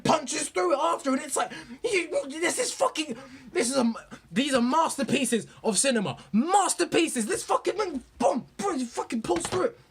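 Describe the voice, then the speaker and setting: A young man gushing about movies in a profane, rambling, excited rant. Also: high voice, slight background noise. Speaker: vlogger.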